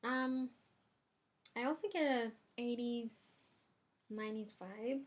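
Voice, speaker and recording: Young woman vlogger, relaxed chatty review from her bedroom, slightly high voice, slow delivery. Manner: chatty, lots of filler ums. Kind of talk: casual music review vlog. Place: bedroom at home.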